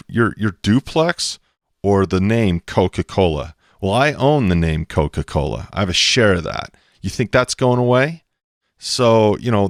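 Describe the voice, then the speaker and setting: A man's voice: fairly low pitch, no echo, clean studio sound. A man talking emphatically on a podcast about investing, acting out little quoted exchanges as he goes. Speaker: co-host explaining investing. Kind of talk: animated podcast talk.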